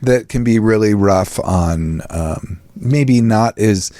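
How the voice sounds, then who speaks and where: A man with a lowish voice hosts a casual psychology chat show. He rambles through friendly asides and laughs often. The sound is dry and close. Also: slow pace, mellow, no room sound. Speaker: podcast host.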